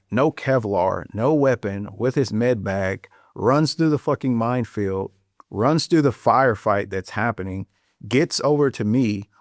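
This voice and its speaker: A man's voice: on the low side, darkish tone, dry recording, clean studio sound. A middle-aged man from St. Louis, a Marine veteran, telling a war story bluntly, with plenty of profanity. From St. Louis, USA. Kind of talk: storytelling in an interview.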